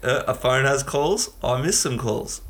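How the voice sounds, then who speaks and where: A man's voice: medium pitch, a little slow, fairly bright tone. An Australian man co-hosting a podcast, chatting in a laid-back, joking way. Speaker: podcast co-host. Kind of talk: casual podcast chat.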